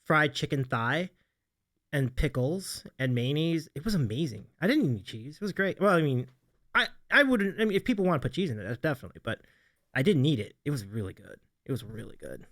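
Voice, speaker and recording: A man's voice: on the high side, sing-song, fairly quick, fairly bright tone. A man hosting a casual livestream chat, reading viewer comments aloud and laughing often. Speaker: host.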